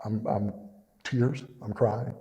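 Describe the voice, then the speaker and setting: Dark-voiced man giving testimony. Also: on the low side, fairly even intonation, slow. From East Texas. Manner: plainspoken and emotional, with many fillers. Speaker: church testimony speaker. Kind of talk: personal testimony. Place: church fellowship hall. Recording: long reverb in a church hall.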